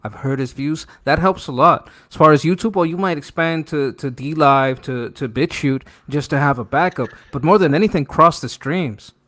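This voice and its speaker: Emphatic higher-voiced male panelist. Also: moderate pace, hardly any pauses, fairly bright tone. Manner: emphatic, advice-giving. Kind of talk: casual livestream talk.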